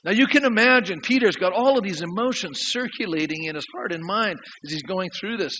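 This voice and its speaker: A pastor delivers his sermon with earnest, storytelling emphasis, his voice rising sharply and then dropping low. He speaks with a fairly high pitch for a man. The recording is somewhat muffled, with a faint hiss underneath. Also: fairly quick, pushed and bright.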